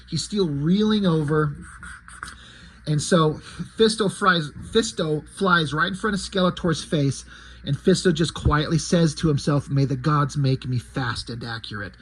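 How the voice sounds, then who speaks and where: A man's voice: a little high, unhurried, a little hiss or hum. A man casually retelling his own comic story in a conversational way, with fillers.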